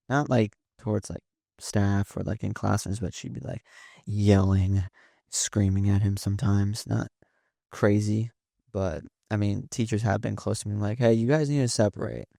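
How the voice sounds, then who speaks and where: A man's voice: on the low side, creaky, a little mellow, no echo, clean studio sound. A young man in his late teens, a podcast guest telling rambling stories with lots of fillers and restarts. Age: young adult. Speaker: podcast guest, son of host. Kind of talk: casual storytelling chat.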